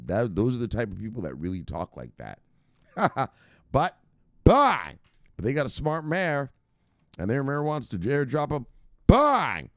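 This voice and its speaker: A man's voice: mid-range voice, darkish tone, no echo, clean studio sound. A man hosting a crypto news show in casual, profane commentary, brash and laughing at his own jokes. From United States.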